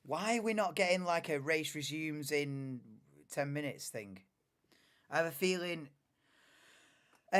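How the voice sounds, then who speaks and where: A young man talks loosely through a live stream, drifting into low mutters and casual swearing. His voice sits a touch higher than most men's. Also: animated, a little slow, long pauses, fairly bright tone, clear, resonant tone. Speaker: live watchalong host. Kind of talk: casual live commentary, chatting with chat.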